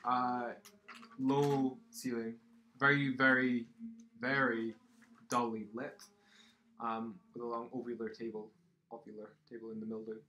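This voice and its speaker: A man narrating as game master of a tabletop game, pausing often with ums and uhs. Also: medium pitch, little pitch movement, muffled recording, a little hiss or hum. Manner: hesitant, many ums and uhs.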